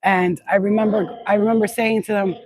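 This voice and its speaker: A woman's voice: mid-range voice, level tone, brisk, a little mellow, slight background noise, rough recording. A woman channeler chatting outdoors in a yard into a phone, rambling, blunt and swearing freely in a casual spiritual vlog.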